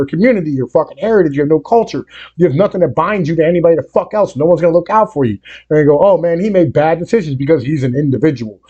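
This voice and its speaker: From Appalachia, this music reaction video host has a slightly high voice with a breathy edge, and the recording's highs are cut off. As he rants, rambling and swearing with fillers like "you know what I mean," he gets increasingly heated and loud.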